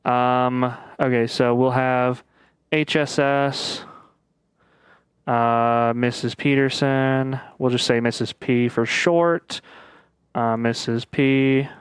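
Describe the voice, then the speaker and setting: A man giving casual let's-play commentary as he plays a puzzle game, thinking aloud with frequent pauses and fillers. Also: mid-range voice, fairly even intonation, clean tone, no echo. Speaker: gaming video creator.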